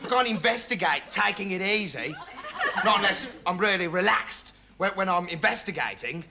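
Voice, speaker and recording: An actor playing a dim, earnest young male investigative reporter, rambling in a deadpan comic monologue full of "you know" and "like". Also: high-pitched, moderate pace, vocal fry, full character voice. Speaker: comedy monologue performer. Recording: studio audience laughing loudly throughout.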